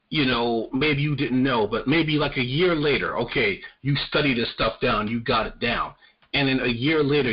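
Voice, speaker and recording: A man's voice: medium pitch, slightly rough. A man hosting a podcast, giving casual political commentary in a heated, profane ranting manner. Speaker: podcast host. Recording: slightly muffled lo-fi audio.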